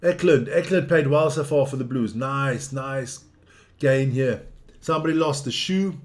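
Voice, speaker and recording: A man giving casual live rugby commentary, excitable and blunt, swearing at the referees. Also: medium pitch, measured pace. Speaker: watch-along rugby commentator.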